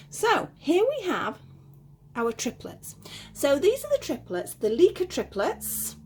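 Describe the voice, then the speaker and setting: At home, a woman who collects dolls chats casually to camera while unboxing little dolls, cooing over their tiny details. Her high-pitched voice swings hugely in pitch, she takes her time, and she sounds a bit out of breath.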